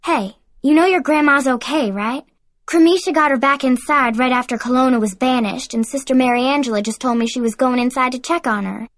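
A woman's voice: on the high side, moderate pace, slightly rough, no echo, clean studio sound. A woman reading an audiobook, voicing a cheerful teenage girl with a twang who talks in a reassuring way. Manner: warm, reassuring. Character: friendly cheerful teen girl, best friend.

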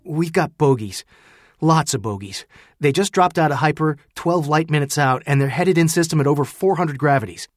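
A man's voice: on the high side, normal speed, no room sound, pitched above the performer's own voice, natural voice. Male narrator doing a harsh, strained woman officer, raised and tight, clipped reports, dry booth. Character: tense female starship tactical officer.

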